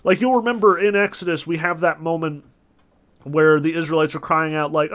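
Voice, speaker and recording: A male professor with a somewhat high, slightly bright voice gives an informal lecture at a steady tone and a little fast, leaning on "um" and "like" and correcting himself mid-sentence.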